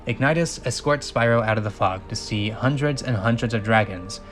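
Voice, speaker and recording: A man's voice: fairly low pitch, moderate pace, a bit bright, soft background music. A man reading a film script aloud as a channel host, with dry sarcastic asides.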